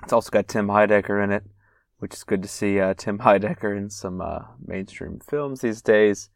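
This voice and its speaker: A man's voice: fairly low pitch, normal speed, vocal fry, no room sound. A man hosting a solo podcast, reading old letters and anecdotes aloud with casual asides and fillers. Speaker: podcast host.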